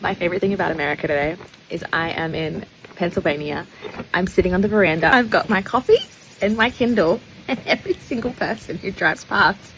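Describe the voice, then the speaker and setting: A woman vlogging outdoors on a veranda, gushing and excitable. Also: mid-range voice, fairly quick, slight background noise, low-quality recording. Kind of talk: casual vlog.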